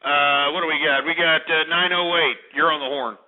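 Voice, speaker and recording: High-pitched texan guy running a call-in show, yelling insults, tinny phone-line audio. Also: steady tone, a little fast. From Texas. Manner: abrasive, insulting, shouting at callers. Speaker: radio call-in host. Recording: tinny phone-quality radio recording.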